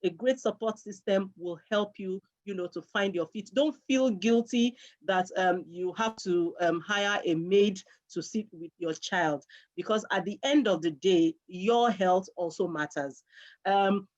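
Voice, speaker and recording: A middle-aged woman speaks earnestly about parenting, driving points home by repeating key phrases. Her voice sits at an ordinary pitch. The recording sounds dull and lo-fi. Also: a little slow. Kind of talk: conversational advice talk.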